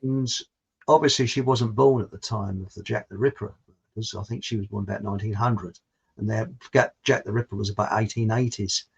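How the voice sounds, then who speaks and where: A man's voice: fairly low pitch, steady tone, a little fast, creaky, husky. A British man hosting a casual chat, rambling and chatty, laughing at his own jokes. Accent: British English. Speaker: host. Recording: muffled lo-fi audio.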